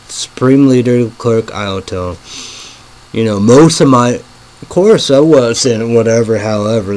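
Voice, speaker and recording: Guy rambling on his own show, lowish voice, says you know every other breath, cusses a lot. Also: darkish tone, a little hiss or hum, rough recording. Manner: rambling, constant "you know" fillers, profane. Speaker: show host. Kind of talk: casual rambling livestream talk.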